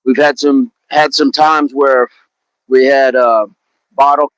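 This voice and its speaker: A man's voice: medium pitch, steady tone, slow, no room sound, poor audio. Upbeat man live-streaming from a park. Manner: upbeat, greets viewers by name, repeats words. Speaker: fitness coach streaming live. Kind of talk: casual live-stream chat while warming up. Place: outdoor park in the morning.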